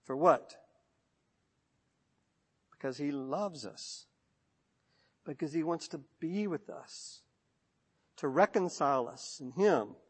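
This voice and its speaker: High-voiced Texan pastor in a reverberant church. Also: male voice, breathy edge. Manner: rhythmic preaching, long lists, soft drops at line ends. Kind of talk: sermon. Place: church sanctuary.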